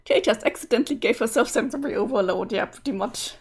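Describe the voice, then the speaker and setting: A woman's voice: a little high, fast. A woman streamer making amused, chatty asides while she reads a webcomic aloud. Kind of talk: casual asides on a livestream.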